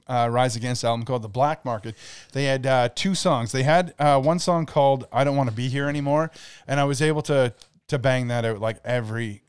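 A man co-hosting a casual podcast, with a clean, resonant voice at a middle pitch. He speaks haltingly, filling pauses with "uh" and "like", and the recording is dry and close to the mic. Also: clear, resonant tone, no echo. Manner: halting, lots of "uh" and "like". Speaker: podcast co-host.

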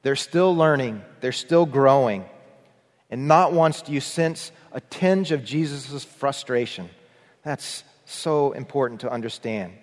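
A man's voice: medium pitch, measured pace. A man preaching a sermon as pastor, earnest, with shifting emphasis, sometimes having the congregation repeat phrases after him. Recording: long hall reverb.

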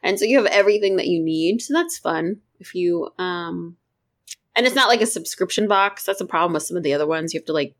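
Speaking in a lowish, animated voice at a brisk clip, this podcast co-host keeps things casual. She chats away, curses freely, and fills her talk with fillers and laughs.

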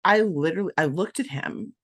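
A pregnant woman with a notably low voice hosts her own podcast and talks straight to the listener. She tells stories in a loose, candid way, peppered with "um" and "like". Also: fairly quick, fairly bright tone. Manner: candid storytelling, frequent "um" and "like". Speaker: podcast host. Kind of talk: casual podcast monologue.

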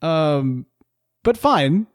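This is a male podcast host with a fairly high, very lively voice. He talks in a loose, jokey way and keeps breaking into laughs as he riffs. The sound is dry and close. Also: very slow, no room sound. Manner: animated, jokey, trails into laughs. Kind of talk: casual chat.

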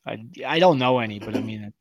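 A man's voice: on the low side, fast talker, gravelly. A man co-hosting a podcast, chatting casually in a blunt, heavily profane way. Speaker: podcast co-host. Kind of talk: casual chat.

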